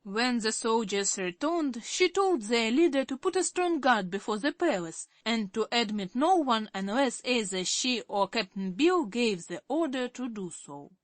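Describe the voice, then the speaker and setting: A woman narrating a classic children's story as an audiobook reader, deliberate and expressive. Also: on the high side, no room sound. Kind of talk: scripted narration.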